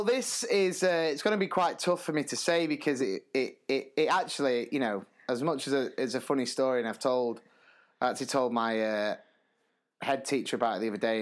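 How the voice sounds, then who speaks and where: A man co-hosting a podcast, a primary school teacher telling stories in a casual, animated way and laughing through them. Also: mid-range voice. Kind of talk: casual storytelling chat.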